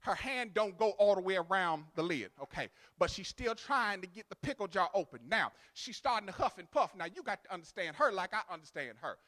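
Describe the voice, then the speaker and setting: A male pastor a sermon. He swings from loud, sung, rhythmic to quiet, chatty storytelling. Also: sits high, animated, a little fast, hardly any pauses. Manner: builds to loud, sung preaching cadence, then drops to quiet storytelling.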